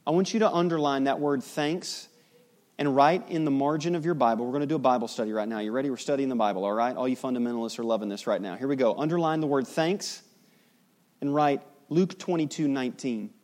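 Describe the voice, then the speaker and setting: A man preaching a sermon as pastor. He talks conversationally, drops in joking asides, and moves between loud emphasis and hushed, solemn passages. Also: medium pitch, quick pace.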